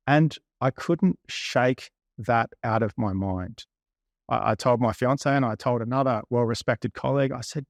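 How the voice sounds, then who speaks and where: Man in his 30s, creaky voice, dry close sound, candid interview storyteller. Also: mid-range voice, moderate pace, dry recording. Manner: candid, retells conversations at length. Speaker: property investor guest.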